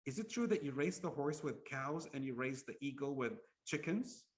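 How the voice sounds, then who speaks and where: A man voicing a grateful but demanding adult male king in a told story, exclaiming and rising in pitch. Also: lively intonation, moderate pace, natural voice. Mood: questioning.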